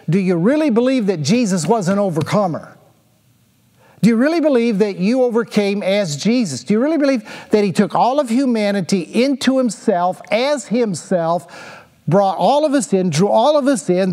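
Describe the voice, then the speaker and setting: High-voiced preacher in a reverberant hall. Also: male voice, darkish tone. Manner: emphatic, repetitive rhetorical questions. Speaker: pastor. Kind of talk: sermon.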